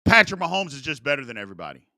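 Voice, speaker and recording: This live sports talk show host in his forties is animated and chatty, reading viewer questions aloud as he goes. His fairly high voice races along, captured in a dry, clean studio recording.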